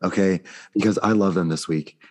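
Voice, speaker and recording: A man hosting a casual sports betting chat, upbeat and leading the segments, his voice going hoarse. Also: deep voice, fairly even intonation, moderate pace. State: losing his voice. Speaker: podcast host.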